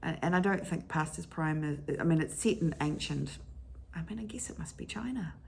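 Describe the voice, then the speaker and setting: A middle-aged woman talks in a relaxed, wandering way from home, fills her thoughts with restarts and small corrections, and keeps a low voice that has a gravelly, slightly husky edge. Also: normal speed. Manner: rambling, digressive, often restarts and corrects herself. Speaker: vlogger talking about favorite books. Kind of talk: casual chat. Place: at home at her computer with her dog.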